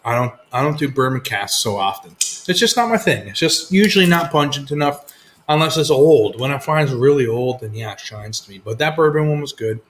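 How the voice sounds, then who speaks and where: A man's voice: mid-range voice, animated, fairly quick, a bit bright, slight background noise. A man hosting a casual live whisky chat, laid-back and swearing freely as he tells stories. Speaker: whisky show host.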